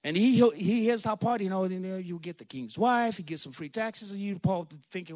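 A man's voice: high voice, fairly quick, few pauses, darkish tone, no echo, studio quality. A man giving an informal Bible teaching, talking conversationally and retelling scenes in casual slang. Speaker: preacher.

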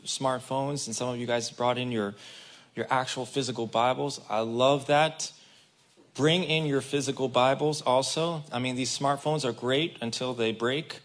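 A man gives a casual, conversational sermon. His voice sits at an ordinary middle pitch. He talks straight to the congregation and acts out the people in the story. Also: fairly bright tone. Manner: casual and chatty, addresses the congregation directly. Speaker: guest preacher.

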